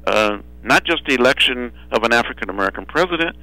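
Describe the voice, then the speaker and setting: Bright, dry-voiced older man. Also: medium pitch, animated, no room sound, poor audio. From Alabama. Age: 70s. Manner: measured, repeats phrases for rhythm. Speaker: guest. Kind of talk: phone interview storytelling. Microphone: telephone.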